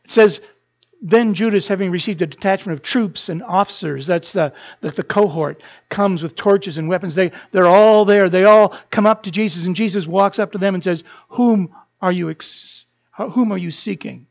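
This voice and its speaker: A pastor preaching a sermon, earnest and building to animated emphasis. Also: male voice, high voice, normal speed. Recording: muffled lo-fi sermon recording.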